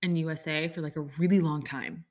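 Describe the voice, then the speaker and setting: A woman's voice: sits low, fairly even intonation, fairly quick, darkish tone. Chatty sarcastic woman ranting casually. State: upset stomach. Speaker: podcast host. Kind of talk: casual chat.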